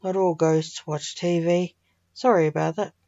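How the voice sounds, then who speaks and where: A woman's voice: lowish voice, fairly even intonation, a little slow, mellow, no room sound, highs cut off. Senior: curt older man, grim reaper grandfather, snaps at people, read by a woman. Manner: curt, snappish.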